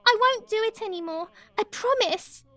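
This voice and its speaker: Scared little girl, very high and bright, slow, begging;. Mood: pleading. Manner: pleading, crying. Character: terrified little girl pleading with her mother. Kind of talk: video game voice acting.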